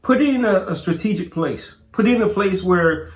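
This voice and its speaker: A man's voice: high-pitched, expressive, moderate pace, reverberant. A man chatting casually with his wife, joking and repeating words as he goes. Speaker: co-host.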